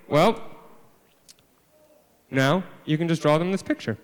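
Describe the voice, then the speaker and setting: A man, a children's author, telling a story live to a family audience, swinging from hushed deadpan asides to loud exclamations. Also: fairly high pitch, normal speed, pauses often, clean tone, in a large hall. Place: library event space.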